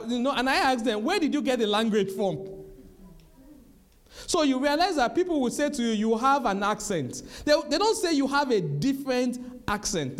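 Man, high voice, preacher, sermon, emphatic, repeats his points, talks to the congregation. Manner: emphatic and repetitive, addressing the congregation directly. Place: church.

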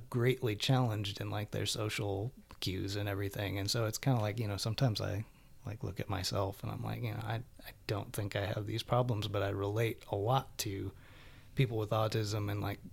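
Casting: man with a gravelly, low voice, meandering casual talker. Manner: meandering, heavy on filler words. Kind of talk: casual podcast chat.

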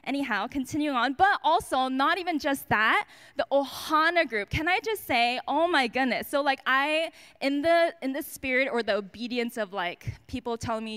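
A woman's voice: high voice, animated, moderate pace, fairly bright tone, smooth. A woman giving a personal testimony at a church service, chatty and self-mocking, with lots of fillers and restarts.

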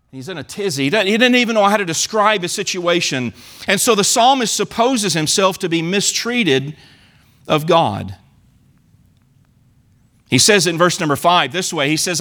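A man's voice: high-pitched, animated, fairly quick, sharp tone. A man preaching a sermon in church, earnestly acting out the psalmist's pleas. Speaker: pastor.

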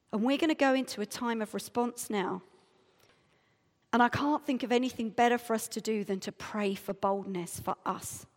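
A middle-aged Englishwoman preaches in a church, her fairly high voice carrying a long hall reverb. She tells her story with lively, self-mocking energy and acts out the conversations. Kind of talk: sermon with storytelling.

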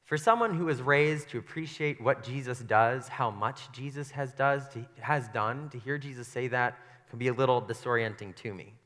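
A man's voice: medium pitch, normal speed, few pauses, fairly bright tone, in a large hall. A young man giving a casual, conversational sermon to a congregation in a church, playful and self-deprecating, often slipping into voices to act out scenes. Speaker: preacher. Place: church sanctuary.

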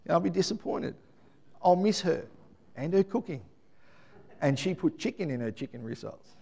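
A middle-aged man preaching a Mother's Day sermon, dropping to quiet asides and then building to loud emphatic shouts. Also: a little high, very animated, moderate pace, gravelly, husky. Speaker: pastor.

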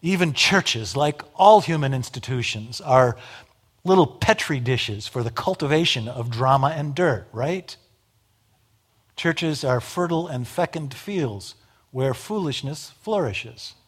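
A man's voice: medium pitch, animated, a little slow, breathy edge. A man preaching a sermon, emphatic, with dramatic rises and drops in volume and wry asides. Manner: wry humor.

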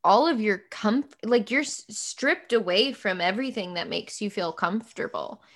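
A young American woman hosting a podcast, telling stories in an animated way with frequent laughs. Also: mid-range voice, normal speed. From United States. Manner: animated storyteller, laughs often, acts out quotes. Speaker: podcast host. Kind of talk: casual interview chat.

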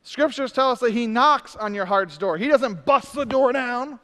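Male pastor, high and clear voice, sermon delivery with punchy emphasis and soft asides, long church reverb. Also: normal speed. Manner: swings between emphatic preaching and hushed, intimate asides; humorous self-deprecating asides.

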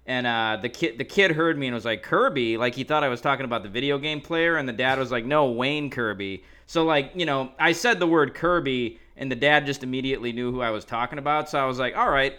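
A man's voice: mid-range voice, fast, few pauses, bright, forceful tone, clear, resonant tone. A man co-hosting a casual podcast, chatty and joking, often stumbling over the first words of a sentence. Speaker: podcast co-host.

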